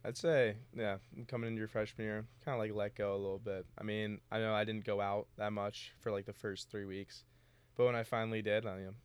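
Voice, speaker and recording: Smooth-voiced young man telling stories. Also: on the low side, a little fast, no room sound. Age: young adult. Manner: animated storytelling, acting out dialogue, swears freely. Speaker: podcast co-host, college student. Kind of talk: casual chat.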